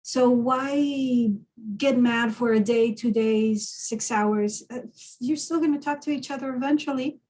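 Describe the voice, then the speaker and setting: A woman's voice: fairly high pitch, steady tone, a little slow, darkish tone, poor audio. A woman, a guest on a video call, talking reflectively through a personal story with frequent restarts. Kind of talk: casual conversation.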